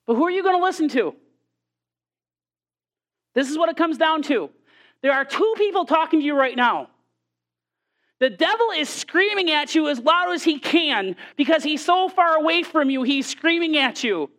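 Woman preacher, pretty high voice, earnest, keeps asking the crowd questions. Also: expressive, normal speed, long pauses, a bit bright. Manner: earnest, repeats rhetorical questions. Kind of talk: sermon.

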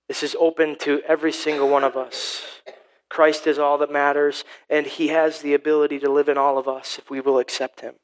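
A man's voice: on the high side, level tone, fast talker, few pauses, rough recording. A man in his thirties, a pastor giving a sermon, rambling and repeating words as he tells a family story.

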